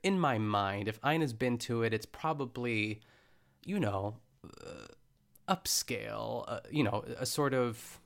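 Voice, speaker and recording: A man's voice: mid-range voice, a little slow, creaky. A young man casually recapping a cooking show, rambling and correcting himself with lots of fillers. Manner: rambling, chatty, self-correcting with frequent fillers. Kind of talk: casual chat.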